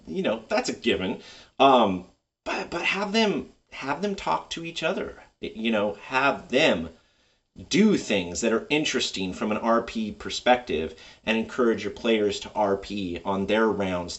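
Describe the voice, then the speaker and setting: Lively, rambling game master man. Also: fairly low pitch, recorded from a distance. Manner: enthusiastic, rambling. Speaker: tabletop game master and video host. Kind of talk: casual advice monologue.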